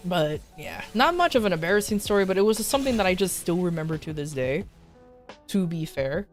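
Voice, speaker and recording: A young woman streamer telling stories in a loose, animated way. She laughs often and fills her talk with "like". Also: fairly low pitch, fairly quick. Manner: animated, laughing, many fillers. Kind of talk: casual storytelling to a live chat. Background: faint background music.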